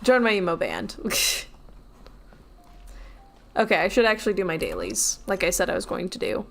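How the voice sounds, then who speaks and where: A woman's voice: lowish voice, sing-song, moderate pace, vocal fry, a bit bright, a little hiss or hum. A woman chatting casually and cracking jokes while streaming a video game. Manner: joking and chatty, talking over the game. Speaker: gaming streamer.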